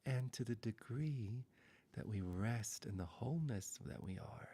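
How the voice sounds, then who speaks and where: A man giving a spiritual satsang talk, speaking softly and slowly, often half-whispered, with long pauses. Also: medium pitch, lively intonation, breathy edge. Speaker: spiritual teacher.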